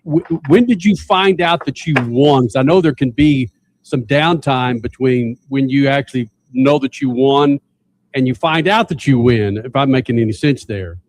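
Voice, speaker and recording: A man's voice: mid-range voice, normal speed, low-quality recording. A man hosting a racing show, interviewing a driver with conversational, loosely phrased questions.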